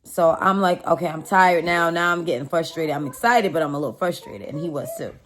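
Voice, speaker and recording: A young woman casually telling viewers a personal story, chatty and animated, calling them y'all. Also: sits low, a little fast, slight background noise.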